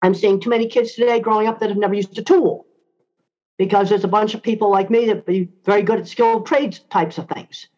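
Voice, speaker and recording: A woman's voice: medium pitch, steady tone, brisk, mellow. An older woman answering interview questions in a blunt, emphatic way, repeating key points. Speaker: interview guest. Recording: slightly dull lo-fi sound.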